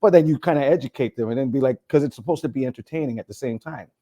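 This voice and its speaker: A man from Canada, a rapper, guesting on a podcast in easygoing chat. His voice is mellow and sits at a middle pitch for a man. He rambles a little as he talks. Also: rapid-fire. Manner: laid-back, rambling, laughs often. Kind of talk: casual chat.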